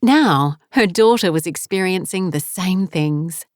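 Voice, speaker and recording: A woman narrating an audiobook in an unhurried, measured reading. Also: lowish voice, animated, no echo, studio quality. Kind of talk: scripted narration.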